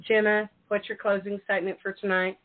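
A woman hosting a call-in show, moving briskly through the callers. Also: medium pitch, little pitch movement. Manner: brisk, businesslike. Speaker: host. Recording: tinny phone line.

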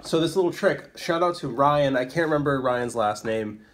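Out walking in town and later indoors, a male vlogger who runs a small business chats casually to the camera. His voice is medium-pitched and his speed normal, and he rambles, laughing often as he pokes fun at himself.

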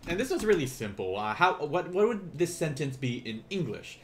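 Friendly male streamer-teacher, expressive pitch, faint hiss behind. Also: moderate pace. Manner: encouraging, reads chat and asks questions. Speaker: online language teacher. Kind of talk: live-streamed beginner lesson.

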